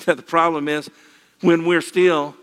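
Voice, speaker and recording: An older man preaching a sermon, folksy and gently humorous, with repeated phrases. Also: fairly high pitch, level tone, takes it slowly, clean tone, in a large hall.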